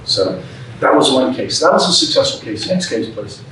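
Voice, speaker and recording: With a sing-song, sharp-toned medium voice at a moderate pace, this man is recorded with a little hiss or hum in an echoey room, well away from the mic. As a club guest speaker he tells his story in a folksy, unadorned way and voices the quoted lines.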